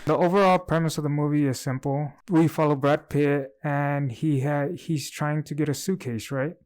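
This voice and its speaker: A man co-hosting a casual movie review chat, giving his opinions in a relaxed, rambling way. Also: a little high, moderate pace.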